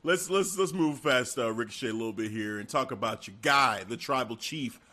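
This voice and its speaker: A man's voice: mid-range voice, fairly quick, pushed and bright. A man co-hosting a casual chat, rambling and laughing often, full of "you know".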